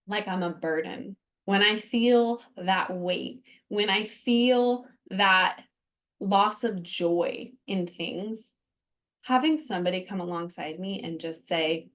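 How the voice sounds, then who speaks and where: A woman's voice: mid-range voice, animated, slow, fairly bright tone. A woman hosting a podcast, talking candidly and earnestly about her own experience, with frequent fillers and restarts. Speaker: podcast host. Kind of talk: candid personal talk.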